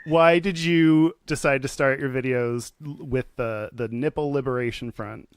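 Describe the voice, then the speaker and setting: A man's voice: medium pitch, fairly even intonation, normal speed, smooth, no echo, studio quality. A male podcast co-host in casual chat, giggly and rambling, with stumbling restarts.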